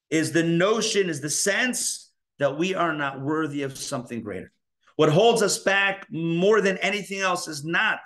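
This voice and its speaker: A man's voice: a little high, a bit bright. A man, a rabbi, giving a live Torah class and acting out inner dialogues in shifting voices.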